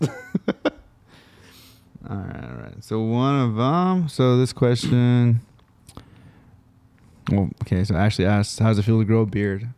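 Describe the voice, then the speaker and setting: A man's voice: lowish voice, measured pace, pauses often, a little mellow, clean tone, dry recording. A young man co-hosting a podcast in casual, rambling chat. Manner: laid-back, rambling with restarts. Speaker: podcast co-host.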